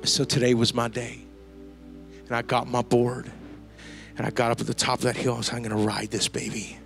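A man preaching a sermon to a church congregation, telling a lively story and using casual slang. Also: medium pitch, fairly quick, creaky, faint music behind. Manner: storytelling, animated, slangy asides. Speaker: pastor. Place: church service before a congregation.

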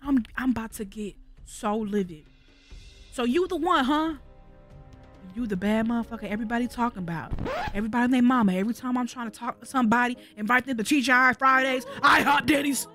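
High-pitched woman joking through a game. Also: quick pace, a bit bright, faint music behind. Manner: profane, joking, talks back to game characters. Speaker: gaming channel host. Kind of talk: comedic let's-play commentary.

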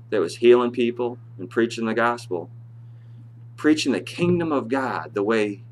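A man preaching a church sermon, his voice swelling high and loud on scripture, then sinking low and quiet to explain. He sits at a middle pitch for a man. A faint hum runs under the recording. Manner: impassioned preaching, reads scripture aloud in a rising voice and drops low to explain. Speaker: pastor.

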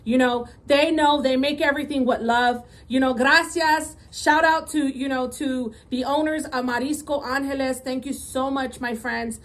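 Chatty high-voiced woman vlogger. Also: fairly even intonation, moderate pace, hardly any pauses. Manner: chatty, upbeat, mixes in Spanish words. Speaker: mukbang vlogger. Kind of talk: casual food vlog talk to viewers. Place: home, indoors at a table.

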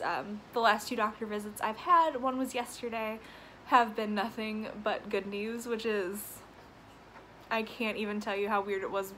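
A woman's voice: medium pitch, fairly bright tone, slight background noise, poor audio. A woman hosting her own podcast from her apartment, chatting casually and rambling, often laughing, out of breath and stuffy from allergies. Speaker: podcast host. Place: home apartment with windows open.

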